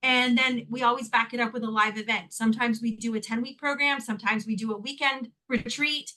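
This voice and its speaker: A Canadian woman, a guest in an interview, telling a personal story in an animated way, laughing often and acting out the voices of the people she quotes. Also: a little high, fairly quick, rough recording. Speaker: guest, healing technique teacher.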